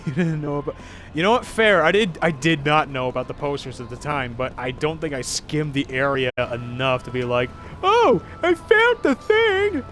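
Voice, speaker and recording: A man streaming a video game live, talking to his chat in an excitable way and swearing often. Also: medium pitch, fairly quick, soft background music. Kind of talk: live-streamed gameplay commentary.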